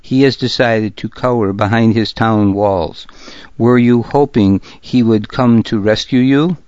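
A narrator's low voice playing a seething Danish warlord, sneering and drawn out. He spits insults slowly, through dull, dry audio. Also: a little mellow, no echo, close to an everyday voice. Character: scornful Danish warlord, grown man, furious.

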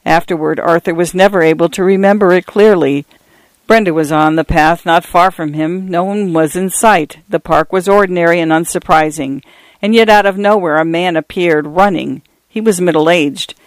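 A man with a high-pitched voice reads literary fiction aloud as an audiobook narrator. His delivery is measured and tense, building drama line by line. The recording is dry and close, with no room echo.

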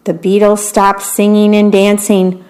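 A woman volunteer reading a bedtime story aloud on the radio, gentle and describing the pictures for listeners. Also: mid-range voice, completely flat delivery, unhurried.

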